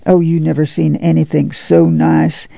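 A man voicing an excitable poor rural girl who rambles eagerly in country talk. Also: on the high side, unhurried, vocal fry, no echo, full character voice. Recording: dull lo-fi dry audiobook recording.

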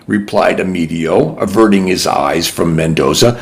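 A man's voice: low voice, lively intonation, moderate pace, vocal fry, hardly any pauses. A man narrating a novel in the first person with a dry, wry storytelling manner. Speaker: audiobook narrator.

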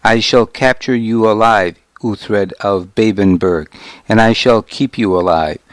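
A man voicing a cruel Danish warlord who delivers his threats in an even, reasonable tone. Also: on the low side, unhurried, dry recording, natural voice. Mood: menacing calm. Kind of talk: audiobook character reading.

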